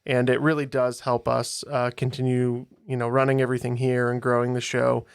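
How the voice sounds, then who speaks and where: A man co-hosting a podcast, speaking earnestly and a little haltingly about listener support. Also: mid-range voice, flat delivery, gravelly, smooth, dry recording, clean studio sound. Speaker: podcast co-host. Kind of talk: casual podcast chat.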